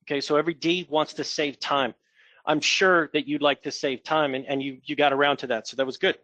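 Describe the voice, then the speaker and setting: Sales trainer, male, slightly higher voice, dry close mic, coaching and demonstrating pitches. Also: steady tone, a little fast, pushed and bright, no echo. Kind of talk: coaching a role-play call.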